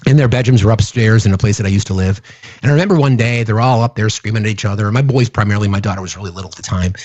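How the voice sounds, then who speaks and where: Speaking very fast in a fairly low, slightly mellow voice, this middle-aged livestream host addresses his chat casually but with earnest passion, swearing often to make his points. The audio is dull, with no echo.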